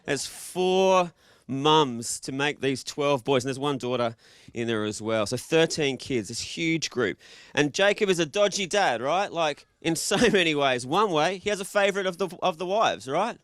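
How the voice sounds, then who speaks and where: A man's voice: a little high, normal speed, fairly bright tone, dry recording, studio quality. An Australian man giving a casual, joking sermon to a live congregation, quizzing the audience as he goes. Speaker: preacher.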